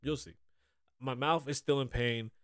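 A man's voice: mid-range voice, steady tone, unhurried, fairly bright tone, clear, resonant tone, no room sound. A man talks loosely and profanely as a podcast host, rambling from story to story. His voice is strained from a sinus infection and a pulled vocal cord. The sound is close and dry. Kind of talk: casual chat.

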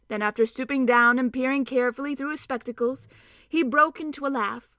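High bright woman reading a story. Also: moderate pace, no room sound. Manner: clear, steady narration. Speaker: reader.

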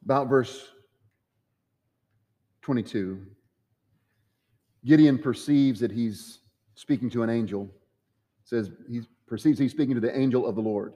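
A man's voice: mid-range voice, measured pace, pauses often, mellow. Man preaching in an echoey church. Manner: dramatic preaching that acts out quoted voices. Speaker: pastor. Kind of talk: sermon. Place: church sanctuary.

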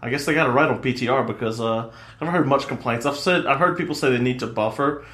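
A man co-hosts a casual gaming podcast from an echoey room, his voice sitting at an ordinary middle pitch. He tells his stories in an excitable, swearing-heavy rush, and the room rings around him. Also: fast. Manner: excitable, profane storyteller. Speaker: podcast co-host. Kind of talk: casual chat.

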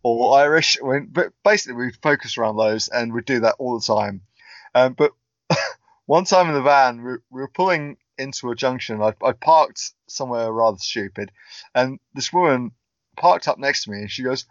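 A man's voice: fairly high pitch, expressive, fairly quick, a bit bright, no echo. A man co-hosting a podcast, bantering with a giggly, self-mocking manner. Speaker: podcast co-host. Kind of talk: casual chat. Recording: dull lo-fi sound, dry.

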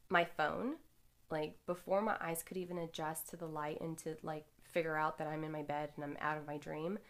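A young woman speaks to her listeners in a candid, animated monologue, cursing casually as she goes. Her voice sits on the lower side for a woman. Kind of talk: personal storytelling monologue.

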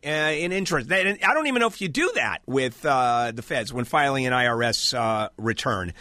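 A man's voice: mid-range voice, sharp tone, no room sound, clean studio sound. A man hosting a call-in legal advice radio show, blunt and impatient, cutting in on callers.

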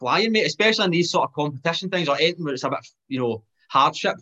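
A man, a fitness trainer, talking as a podcast guest in a fast, animated way, often restarting his sentences. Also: fairly high pitch, lo-fi sound. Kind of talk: casual chat.

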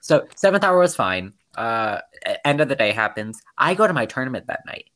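A young male podcast co-host talks a little fast in a mid-range voice. Animated and indignant, he tells stories in casual chat and quotes people in sarcastic voices.

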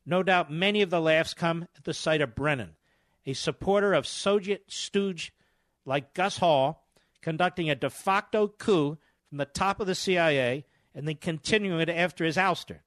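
A man's voice: on the high side, normal speed, fairly bright tone, no echo. A middle-aged man hosting a talk radio show, delivering scornful, combative commentary with hammering repetition.

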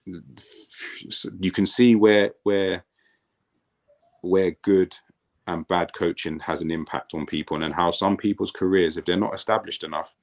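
A man who used to play professional football, chatting casually as a podcast guest and telling stories in a relaxed way, often repeating words as he restarts a thought. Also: low voice, measured pace, gravelly.

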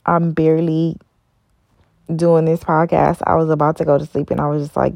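A woman's voice: deep voice, flat delivery, normal speed, vocal fry, a little mellow, dry recording, lo-fi sound. A tired woman hosting a casual solo podcast, rambling with many ums and stopping to correct herself. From Los Angeles area. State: tired, yawning. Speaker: podcast host.

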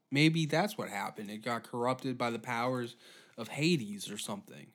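A man hosting a comedy podcast, rambling through a profane monologue with deadpan asides. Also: medium pitch, normal speed. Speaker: podcast host.

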